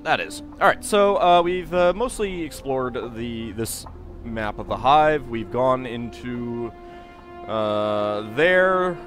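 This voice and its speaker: A man giving casual, rambling let's play commentary, full of halting restarts. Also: medium pitch, a bit bright. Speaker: game streamer.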